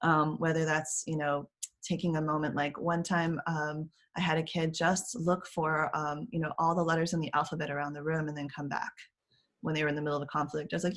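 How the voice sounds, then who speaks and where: A lower-pitched woman coaching parents over a video call. She talks in a casual, animated way, full of fillers and small laughs, and often slips into sing-song imitations of children's voices. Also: a little fast. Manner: frequent fillers and light laughter. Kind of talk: casual explanatory talk as interview guest.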